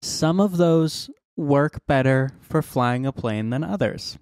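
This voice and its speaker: A man's voice: fairly high pitch, slow pace, a little mellow, smooth, no room sound, clean studio sound. A man chatting casually on a podcast, blunt and sarcastic, swearing now and then. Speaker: podcast co-host.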